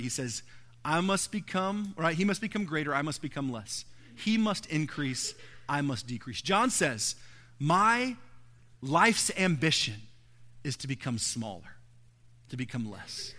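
A man preaching a sermon as pastor, emphatic, swinging between loud build-ups and soft, low asides.

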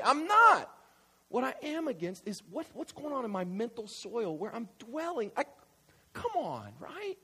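A New York pastor preaches with an extremely high, slightly rough male voice. Animated, he acts out everyday small talk and banter, repeats "right?" as he goes, and climbs into shouts.

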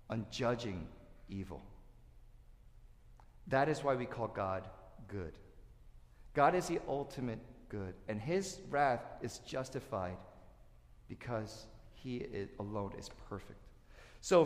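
A male pastor preaching a sermon, animated, swinging between loud emphasis and quiet asides. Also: medium pitch. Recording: echoey hall with long reverb.

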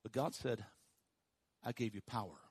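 A pastor preaching a sermon to his congregation, dropping to hushed, slow emphasis and rising to loud, high calls for the room to repeat after him. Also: breathy edge, dry recording. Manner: swings from hushed low emphasis to loud high call-and-response.

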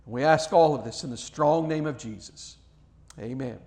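A man's voice: mid-range voice, moderate pace, darkish tone. A male pastor reading scripture, praying and preaching an earnest sermon, lifting his voice on quoted cries and repeating words as he speaks freely.

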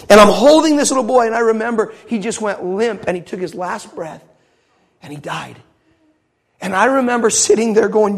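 A man delivers a sermon in an impassioned storytelling manner. His voice sits high for a man and has a husky edge to it. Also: a little fast. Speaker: preacher.

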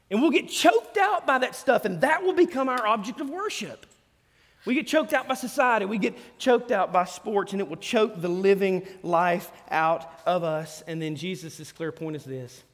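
A male pastor preaching a sermon, animated, swinging between loud bursts and hushed asides. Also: high voice. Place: church hall. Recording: long hall reverb.

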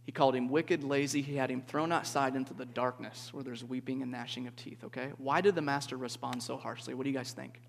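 A man preaching to a group in a relaxed, conversational way, often checking in with "okay?" and asking the listeners questions. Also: mid-range voice, fast talker, creaky, few pauses. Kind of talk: interactive sermon. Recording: reverberant hall.

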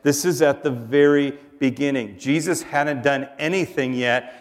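Male pastor, mid-pitched, earnest sermon delivery, long hall reverb. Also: steady tone, unhurried. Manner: earnest, drops to a soft hush on tender lines.

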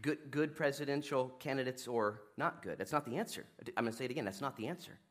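In a mid-range voice, a man preaches a sermon like he's chatting, moving rapidly between loud, emphatic bursts and soft asides. The pastor talks fast and laughs at his own jokes.

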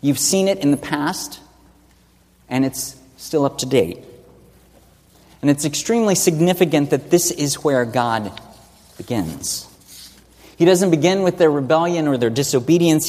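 A man's voice: on the high side, a little mellow. A man preaching an expository sermon, teaching earnestly and asking rhetorical questions. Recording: long reverb of a large hall.

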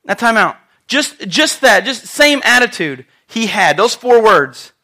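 Bright high-voiced male preacher. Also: unhurried. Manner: animated storytelling with questions to the congregation. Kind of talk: sermon.

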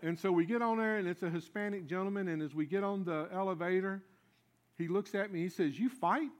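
Male preacher, folksy storyteller, slightly high voice, loud and lively one moment, hushed and earnest the next. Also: brisk. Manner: folksy storyteller, shifts between loud lively asides and quiet earnest lows. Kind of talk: sermon with storytelling.

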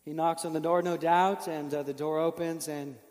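A man's voice: on the high side, level tone, normal speed, darkish tone, in a large hall. A man preaching a sermon, telling a story earnestly and building with emotion through rhetorical questions.

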